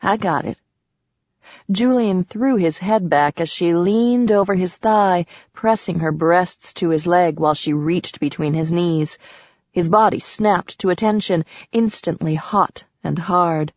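A woman narrating a romance audiobook in an even, sensual storytelling manner. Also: fairly low pitch, unhurried, no room sound. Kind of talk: scripted narration. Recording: dull dry recording.

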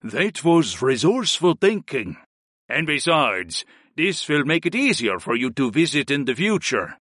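A man doing a slow gruff clan chief. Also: a little high, big pitch swings, a bit bright, no room sound, studio quality, full character voice. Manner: slow, formal.

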